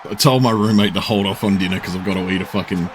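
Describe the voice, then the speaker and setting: A man, chatting casually and rambling while streaming, swearing now and then and filling pauses with um and uh. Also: low-pitched, fairly even intonation, background noise. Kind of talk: casual live-stream chat.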